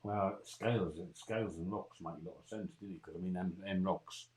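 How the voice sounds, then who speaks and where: A man with a Geordie accent whose voice sits low for a man. He blusters along in a matey way, circling back to the same phrases again and again in comic banter. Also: steady tone, a little fast, darkish tone. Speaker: co-host.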